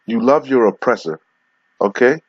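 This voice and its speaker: A man preaching from scripture in a confrontational, profane way. He reads verses slowly, then breaks them down and keeps asking "okay?". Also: mid-range voice, husky, highs cut off. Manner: slows down to read verses aloud. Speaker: street preacher. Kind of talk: scripture reading with commentary.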